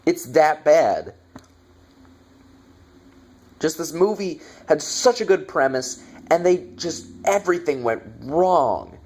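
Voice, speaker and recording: A man's voice: fairly high pitch, animated, slow, pauses often, a little mellow, a little hiss or hum. A man reviewing a bad movie in a casual, exasperated rant, swearing and sarcastic.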